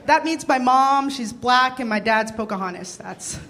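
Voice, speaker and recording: A woman's voice: a little high, expressive, moderate pace, few pauses, a bit bright. A woman from Canada performing a stand-up comedy set on stage, brash and punchy, laughing between jokes. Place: comedy stage before an audience. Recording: live comedy club recording with background noise.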